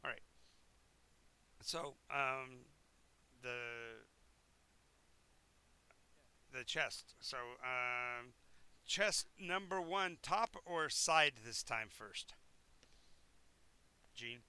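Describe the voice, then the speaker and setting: A man's voice: mid-range voice, extremely slow, pauses often, pushed and bright, smooth. A man narrating a tabletop game as game master, describing scenes in a rambling, self-correcting way.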